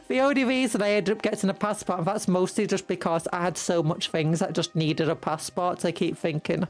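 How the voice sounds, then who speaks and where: A woman's voice: fairly low pitch, fairly even intonation, moderate pace, faint music behind. A British woman streamer chatting casually, rambling and giggling in a playful way. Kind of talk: casual livestream chat.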